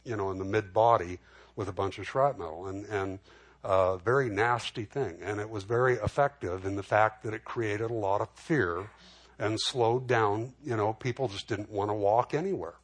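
Man preaching in a casual, halting way. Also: on the low side. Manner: conversational preaching with many restarts and repeated words. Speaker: pastor. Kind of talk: sermon.

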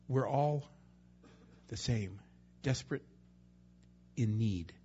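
A man's voice: medium pitch, takes it slowly, mellow, lo-fi sound, slight background noise. A man preaching a sermon in a conversational way, sometimes acting out the voices of people he quotes. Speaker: pastor.

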